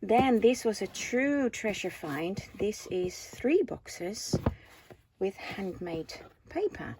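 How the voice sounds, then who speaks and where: A craft vlogger in her forties from the Netherlands chats casually with a Dutch accent, showing off items from a craft haul and asking viewers questions. Her mid-range voice is mellow and slightly rough, with big pitch swings and a slow pace.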